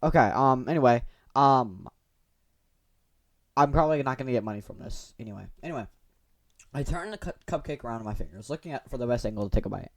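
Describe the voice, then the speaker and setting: A young man hosting a gaming channel reads visual novel text aloud at a fast clip, peppering it with goofy, chatty comments. His voice is medium in pitch with lively intonation.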